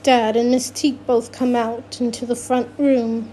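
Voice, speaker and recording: A woman's voice: on the high side, flat delivery, a little slow, mellow, a little hiss or hum. A woman narrating a first-person novel, reading with frequent restarts and self-corrections. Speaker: audiobook narrator.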